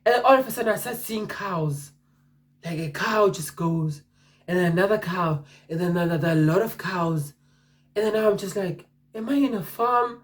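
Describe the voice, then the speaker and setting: A young man from Mpumalanga telling a personal story in a rambling, animated, casual way, with swearing and restarts. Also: high-pitched, normal speed. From Mpumalanga, South Africa.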